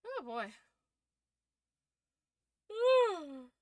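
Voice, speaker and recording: A woman's voice: very high voice, sing-song, drawn-out words, no echo, clean studio sound. A tired woman streamer chatting casually on a livestream, rambling and swearing freely.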